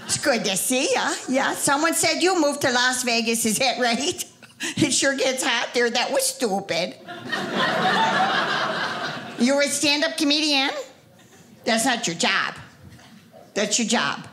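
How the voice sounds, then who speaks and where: A woman's voice: high voice, lively intonation, unhurried, sharp tone, full character voice. A woman voicing a nosy, nagging female cousin with a thick Wisconsin accent and a folksy, condescending manner. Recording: noisy live comedy stage.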